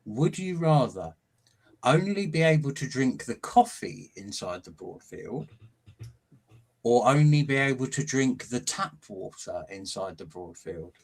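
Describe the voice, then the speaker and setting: A man's voice: mid-range voice, very animated, a little slow, creaky, darkish tone, low-quality recording. A man hosting a casual podcast chat, chatty and self-deprecating, laughing often. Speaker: podcast host.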